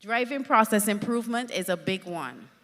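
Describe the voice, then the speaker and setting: A woman giving a conference talk, telling lively stories with emphatic punch. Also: mid-range voice, normal speed, big-room sound. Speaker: conference speaker.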